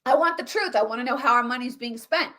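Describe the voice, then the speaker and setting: A woman hosting a political commentary show, ranting in an animated, sarcastic way. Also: a little high, quick pace. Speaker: host.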